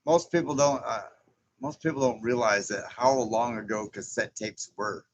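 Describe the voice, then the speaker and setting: A man's voice: mid-range voice, normal speed, slight background noise. A man in his sixties chatting casually as host of a livestream, reading viewer comments aloud, rambling and chuckling often. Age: 60s. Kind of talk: casual live chat.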